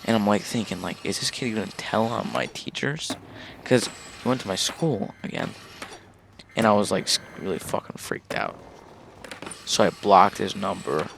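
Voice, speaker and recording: A man's voice: fairly low pitch, lively intonation, normal speed, creaky, fairly bright tone, a little hiss or hum. A young man telling a casual story about his own life, rambling along with fillers and swearing.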